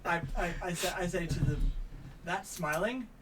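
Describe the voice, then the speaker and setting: A player in a tabletop game making quick quips, stammering on restarts. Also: mid-range voice, fairly even intonation, a bit bright, far from the mic, slight background noise, rough recording. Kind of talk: casual tabletop play.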